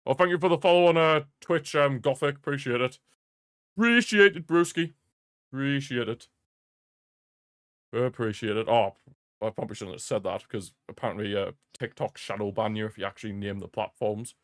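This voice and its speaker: A man's voice: lowish voice, fairly quick, no room sound, studio quality. A young man hosting a live football watch-along stream, chatting casually and commenting on the match with frequent laughter and repeated jokey rants. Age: young adult. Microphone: streaming desk mic.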